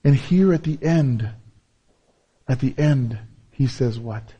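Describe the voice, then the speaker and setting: A man preaching a sermon as pastor, repeating key phrases and swinging between loud, emphatic peaks and low, soft passages. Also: slow, pauses often, slightly rough.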